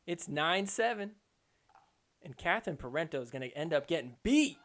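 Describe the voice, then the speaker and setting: A man with a slightly raised voice hosts a sports podcast and recaps matches play by play. He talks in a casual, excitable way and keeps throwing in jokes. It sounds like an easygoing solo recap. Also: a little high, moderate pace. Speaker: podcast host.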